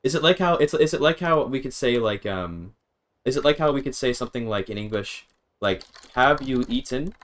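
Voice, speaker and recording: A man's voice: mid-range voice, lively intonation, fairly quick. A man streaming a game, rambling and thinking aloud, often interrupting himself and swearing casually. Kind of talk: casual gaming stream chat.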